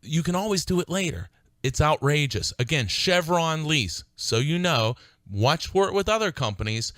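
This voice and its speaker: A man's voice: a little high, lively intonation, moderate pace, fairly bright tone, no room sound. A man hosting a legal advice radio show, talking in an emphatic, fired-up way and repeating points for stress. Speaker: radio show host and attorney. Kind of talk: call-in style legal advice radio talk.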